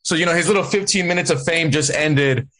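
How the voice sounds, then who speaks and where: A man appearing as a podcast guest, telling stories in a chatty way with halting restarts. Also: on the high side, a bit bright. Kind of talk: casual political chat.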